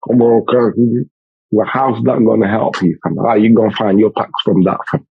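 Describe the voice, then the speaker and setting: A man's voice: on the low side, normal speed, gravelly, breathy edge, no room sound. A young man, co-hosting a casual podcast in a laid-back, slang-heavy way, often tagging lines with "fam". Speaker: podcast co-host. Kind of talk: casual banter podcast chat. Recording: dull, dry lo-fi mic.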